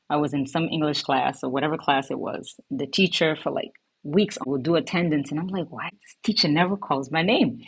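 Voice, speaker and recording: Low husky woman from cape verde, creole first language, chatting on a podcast, acts out voices in her stories. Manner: animated storyteller acting out quoted voices. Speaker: podcast co-founder and host. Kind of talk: casual podcast chat.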